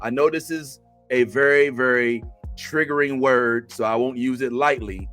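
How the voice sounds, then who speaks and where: A man co-hosting a live chat, animated, rambling with restarts and acting out quotes. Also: medium pitch, moderate pace, soft background music. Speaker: podcast co-host.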